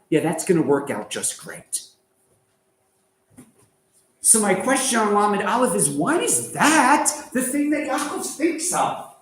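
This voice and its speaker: Animated sarcastic man teaching a class. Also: sits high, unhurried, roomy sound, low-quality recording. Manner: animated and sarcastic, asking rhetorical questions. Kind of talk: lively lecture to students.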